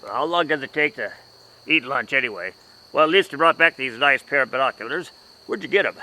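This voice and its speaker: A man's voice: medium pitch, expressive, fairly quick, pushed and bright, poor audio. A man playing a fussy, easily flustered masked lawman in a homemade comedy sketch, talking in an exasperated, scolding way. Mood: puzzled.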